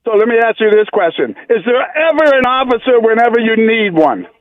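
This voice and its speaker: A high-voiced male caller tells a long joke in a halting, repetitive way. His voice comes over a muffled phone line, dry and close. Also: expressive, dry recording. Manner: halting, repeats himself, slow storytelling.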